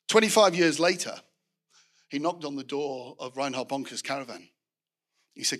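A man's voice: medium pitch, animated, measured pace, long pauses, a bit bright. A middle-aged man preaching a sermon, telling anecdotes with restarts and asides to the congregation.

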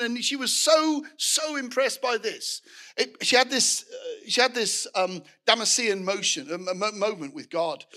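Middle-aged male preacher, high and forceful, rambling anecdotal sermon with asides to the room. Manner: storytelling with frequent restarts and asides to the congregation.

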